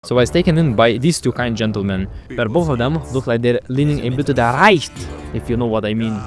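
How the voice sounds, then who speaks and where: A man's voice: medium pitch, fast talker. A young man doing a sarcastic, profane comedic voice-over of a video game. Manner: sarcastic, profane, mock-dramatic. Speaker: gaming video creator. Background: game music.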